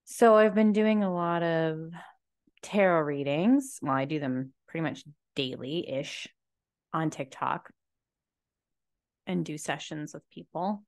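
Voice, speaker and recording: A young woman with a stuffy cold and low energy, talking to camera in a slow, reflective personal monologue with many fillers, seated indoors in a chair. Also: dry recording, clean studio sound. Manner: slow, slumped, soft-spoken musing with many fillers. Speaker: podcast host and tarot reader.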